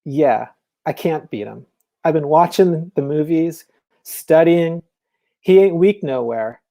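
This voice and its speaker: A man's voice: on the high side, lively intonation, full character voice. A man reading as a humble, plain-spoken boxer. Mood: resigned, determined. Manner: quiet, halting, rough street grammar. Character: down-on-his-luck male boxer, plain-spoken. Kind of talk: reading a film scene aloud.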